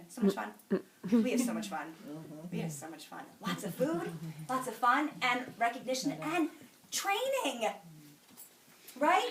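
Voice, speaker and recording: A bright-voiced woman gives a lively motivational talk at a group meeting, acting out conversations as she tells her stories. Her voice is somewhat high and carries into an echoey room, picked up from a distance with faint background noise. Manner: animated storyteller, acting out dialogue. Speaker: sales director speaking at a meeting.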